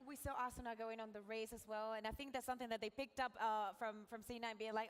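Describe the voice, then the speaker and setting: A woman's voice: a little high, little pitch movement, fast. A woman pro player appearing as a guest analyst on a live esports desk show.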